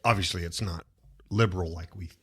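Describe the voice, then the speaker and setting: A man's voice: low-pitched, brisk, slightly rough. A man hosting a talk show, chatting casually and joking, often mocking people in put-on voices. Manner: animated, jokey, puts on mocking voices. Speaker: podcast host.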